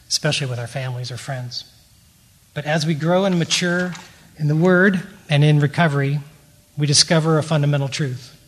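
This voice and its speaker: Brief: middle-aged male recovery teacher, slightly higher voice, measured, earnest, reading prepared notes. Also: a bit bright.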